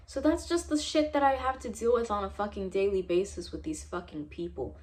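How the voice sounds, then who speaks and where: A woman's voice: mid-range voice, a little fast, few pauses, a little mellow. A young American woman from San Diego in her twenties, telling a vlog story about her experiences in an angry, profane, emphatic rant. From San Diego, United States. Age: 20s. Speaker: vlogger. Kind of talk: heated personal storytime vlog.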